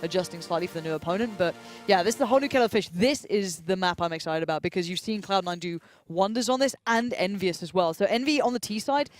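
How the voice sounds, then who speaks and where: A man's voice: high-pitched, faint music behind. A young English man giving live esports commentary in a chatty, analytical way. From England. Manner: chatty, quick analytical patter. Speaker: esports caster.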